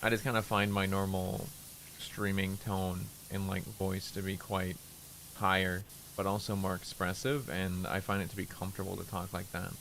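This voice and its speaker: Keeping his voice intentionally low, a man chats in a laid-back, flat and understated way during a game livestream. A slight hiss or hum sits under the sound.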